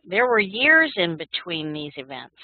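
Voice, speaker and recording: Female class participant, reflective, mid-pitched, phone-line quality. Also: big pitch swings, measured pace, no echo. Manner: thoughtful, musing, with fillers. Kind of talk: group discussion.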